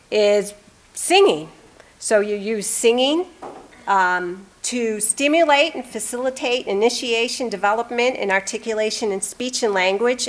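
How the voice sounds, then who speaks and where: A woman in her fifties, a music therapist, gives an upbeat live demonstration talk in a presentation room, coaching a volunteer before an audience. Her voice is mid-range and a bit bright.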